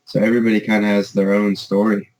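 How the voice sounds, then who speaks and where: A man with a somewhat low voice, chatting loosely as a podcast co-host. He strings thoughts together with plenty of fillers and restarts. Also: little pitch movement, fast, darkish tone, rough recording. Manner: rambling, many fillers like "like" and "you know". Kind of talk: casual chat.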